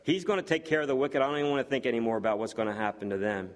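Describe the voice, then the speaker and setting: A man preaching a sermon, earnest and building to excited exclamations, with frequent fillers and restarts. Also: medium pitch, rapid-fire.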